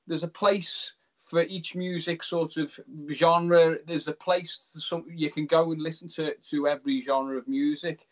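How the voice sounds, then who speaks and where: A man's voice: fairly high pitch, little pitch movement, measured pace, few pauses. A man hosting an interview, asking friendly, rambling questions. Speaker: host. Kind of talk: casual interview chat.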